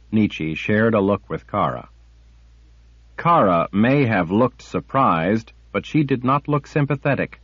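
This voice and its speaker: A man narrating a fantasy audiobook with measured, dramatic storytelling. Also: lowish voice, sing-song, breathy edge, no room sound. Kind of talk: scripted narration. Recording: dull lo-fi audiobook recording.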